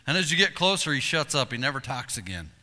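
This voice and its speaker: A man preaching a sermon, telling hunting stories with animated delivery and acting out calls and voices. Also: medium pitch, fast talker, background noise. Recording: long reverb in a hall.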